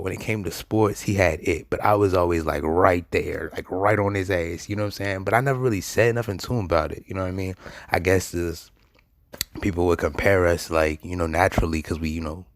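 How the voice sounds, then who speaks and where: A young man hosting a show, telling a personal story in a loose, slangy, animated way and laughing often. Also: sits low, no echo, studio quality. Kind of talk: casual storytelling monologue.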